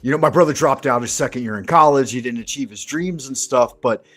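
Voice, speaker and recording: A man from Southern California hosts a casual chat, telling rambling, profane anecdotes in a conversational storytelling style. His medium-pitched voice has a fairly bright tone and moves a little fast, with faint music behind.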